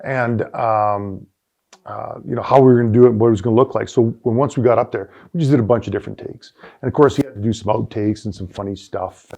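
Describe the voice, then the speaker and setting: A middle-aged man with a gravelly, mellow voice tells animated stories as an interview guest, full of fillers and restarts. The recording sounds dull and lo-fi. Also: on the low side, quick pace. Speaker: guest, sales executive and former football player. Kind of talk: casual interview storytelling.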